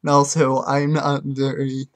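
A man with a halting, hesitant way of talking who earnestly sings his own comic love song unaccompanied, recorded on a webcam. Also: medium pitch, completely flat delivery. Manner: hesitant, halting speech with fillers. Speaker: amateur songwriter.

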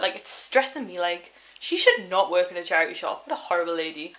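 A young woman chatting casually to camera in a vlog, telling stories with lots of "like" and acting out what people said. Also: medium pitch. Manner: animated storytelling, acts out quotes, lots of "like". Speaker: vlogger.

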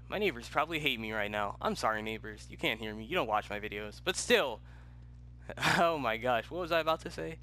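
A young man doing let's play commentary from home, rambling, with loud yelled outbursts. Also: medium pitch, expressive, brisk. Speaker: gaming YouTuber. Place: home room.

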